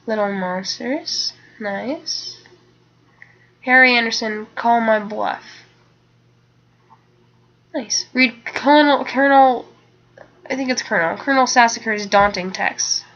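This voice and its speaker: A young woman reads a webcomic aloud with a sleepy, yawning, unsure delivery. Her voice is high and very bright. The sound comes through a dull, lo-fi home mic. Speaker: webcomic reader. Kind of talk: casual read-aloud of a webcomic.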